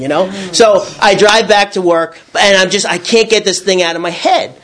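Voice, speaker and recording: A man telling a personal story about his recovery. He rambles, restarts and repeats words, and acts out his own past shouting. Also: sits high, a little fast, a little hiss or hum.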